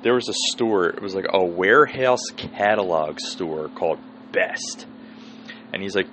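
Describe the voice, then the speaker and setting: A man's voice: sits low, animated, a little slow, a bit bright, slight background noise, rough recording. A man, hosting a solo podcast and telling a rambling, profane story. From Philadelphia area. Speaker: podcast host.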